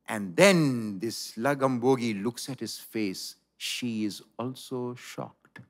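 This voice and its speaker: A man's voice: mid-range voice, expressive, slow, few pauses. A male pastor preaching a sermon in a church, telling a story dramatically.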